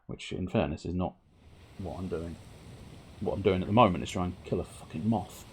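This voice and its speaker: A man's voice: low-pitched, fairly quick, long pauses, a little mellow, breathy edge. A man streaming a video game, rambling wryly with some swearing and reading the on-screen text aloud. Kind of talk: casual gameplay commentary.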